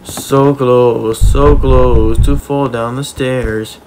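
A man giving playful, excitable commentary as he plays a video game, talking to the characters and cheering his own moves. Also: medium pitch, extremely slow, noisy background. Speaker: gaming YouTuber.

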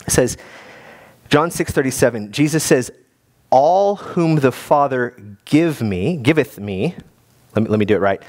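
Animated man preaching a sermon. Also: medium pitch, normal speed. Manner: animated, conversational, many restarts. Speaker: guest pastor.

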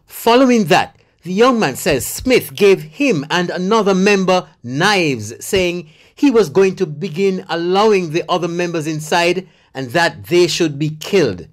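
Reporter voiceover, mid-pitched, formal and measured news read. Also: expressive. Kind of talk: scripted news narration.

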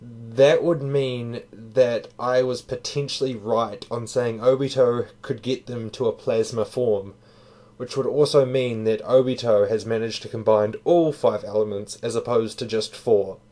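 A man's voice: medium pitch, fairly even intonation, unhurried, mellow. A man giving a casual spoken review, tired, talking loosely and profanely with fillers. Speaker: manga reviewer.

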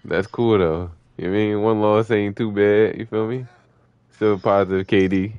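A man with a Philadelphia accent streaming an online game, loud, excitable and profane as he reacts to the action. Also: fairly low pitch, a little slow, clear, resonant tone, no room sound, lo-fi sound. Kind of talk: casual gameplay commentary.

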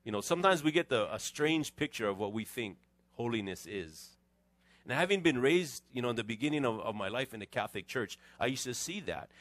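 A middle-aged man, preaching a conversational sermon as a pastor with animated, joking asides to his congregation. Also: fairly high pitch, no room sound. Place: church sanctuary.

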